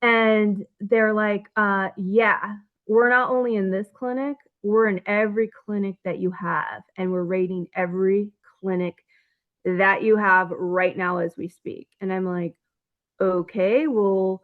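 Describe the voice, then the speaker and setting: A woman's voice: mid-range voice, fairly even intonation, a little slow. A woman telling her own story as an interview guest, acting out both sides of phone calls, with nervous laughs and stumbling restarts. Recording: thin phone-like audio.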